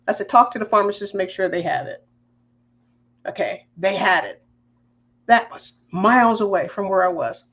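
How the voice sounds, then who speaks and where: A woman on a podcast, telling a personal faith story in a lively, emotional way. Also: mid-range voice, lo-fi sound. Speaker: podcast guest.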